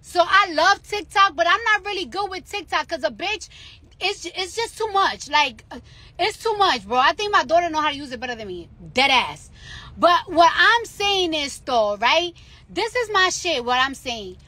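A woman's voice: very high-pitched, sing-song, normal speed, bright, forceful tone, no echo. A woman, ranting on a live stream from her phone in a car, profane and emphatic, hammering the same points over and over. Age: late 20s. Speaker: celebrity livestreamer.

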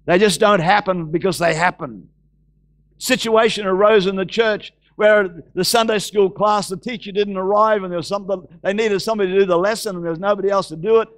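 An Australian man preaching from the pulpit in a church. He has a high-pitched voice and slows right down to stress and repeat Bible phrases. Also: steady tone. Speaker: pastor. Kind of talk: sermon.

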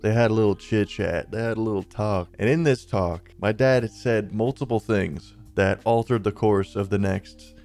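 Laid-back man telling a story, lowish voice. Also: moderate pace, hardly any pauses, darkish tone, faint music behind. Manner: chatty, rambling, peppered with "like" and "dude". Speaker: channel host. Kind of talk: casual storytelling over gameplay.

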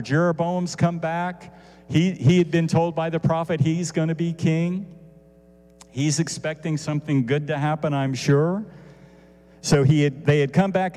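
Chatty male Bible teacher in a hall. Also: fairly high pitch. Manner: conversational, animated, asides to listeners.

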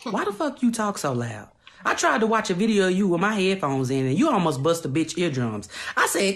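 A man teasing the host about being loud, then congratulating him. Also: high-pitched, very animated, brisk. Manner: mock-exasperated teasing. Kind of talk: teasing shout-out.

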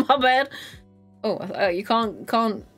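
Woman streamer, giggly and chatty, unhurried delivery over faint game music. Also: on the high side, expressive. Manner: giggly, laughs constantly, chatty. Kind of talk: casual live-stream chat while gaming.

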